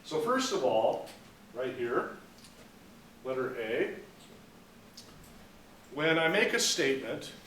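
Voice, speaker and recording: A man's voice: mid-range voice, very animated, slow pace, pauses often, fairly bright tone, slight background noise. Lecturing man in a roomy room. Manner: explains with acted-out anecdotes. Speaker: business law instructor. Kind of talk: classroom lecture. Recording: roomy, mic at a distance.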